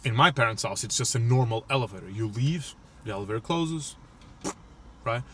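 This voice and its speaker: A man's voice: mid-range voice, a little fast, bright, forceful tone, a little hiss or hum. A young man telling a rambling, profane, exasperated story on a comedy podcast. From Portugal. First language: Portuguese. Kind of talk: casual storytelling rant.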